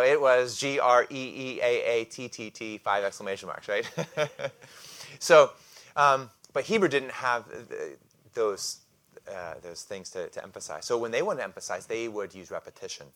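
A man preaching a sermon, calling out to the congregation for responses and explaining scripture in a loose conversational way with light humor. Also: lowish voice. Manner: call-and-response with congregation, animated emphasis. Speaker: pastor.

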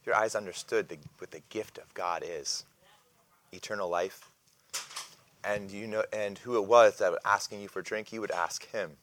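A man voicing a gentle, patient male teacher in a Bible lesson, speaking softly, slowly and earnestly. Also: medium pitch, natural voice. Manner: soft, slow and earnest.

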